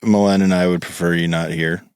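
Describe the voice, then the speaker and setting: A man's voice: low-pitched, level tone, fairly quick, a little mellow, clear, resonant tone, no room sound. A man with a Newfoundland accent co-hosting a podcast, teasing his co-host with dry questions and frequent laughs. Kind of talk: casual chat.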